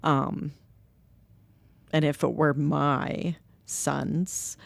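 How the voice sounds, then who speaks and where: A middle-aged woman with a low, gravelly voice recounts stories candidly in conversation. She brings other people's words to life as she quotes them. The sound is dry and close to the mic. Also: extremely slow, no echo. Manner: candid, animated quoting of others. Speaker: guest, nonprofit co-founder. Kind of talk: conversational storytelling. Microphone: podcast microphone.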